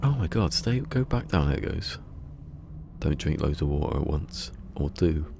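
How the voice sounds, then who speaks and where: A man chatting loosely through a live gaming stream, muttering to himself and poking fun at his own mistakes. His voice is deep, with a gravelly fry. A faint hum sits behind him in his home setup. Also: lively intonation, moderate pace, darkish tone. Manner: rambling, self-mocking, giggly. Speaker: game streamer. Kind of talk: casual live-stream chat while building.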